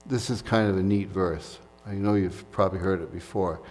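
A man from the United States delivers a Sunday sermon in a fairly low voice. He talks in an easy, conversational way, with fillers and asides between points. His voice rings out with the long reverb of a large church hall. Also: fairly even intonation, moderate pace, few pauses, a little mellow. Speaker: pastor.

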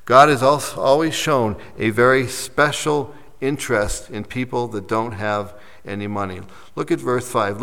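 A man preaching a sermon as pastor, rising to emphatic points and dropping softly after them. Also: mid-range voice, a little slow, vocal fry, few pauses. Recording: long reverb of a large hall.

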